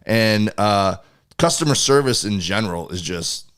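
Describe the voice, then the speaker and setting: A man's voice: fairly low pitch, unhurried, clean tone. A man co-hosting a comedy podcast, telling stories animatedly with frequent fillers. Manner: animated storytelling with filler words. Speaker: podcast co-host. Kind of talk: casual comedy chat.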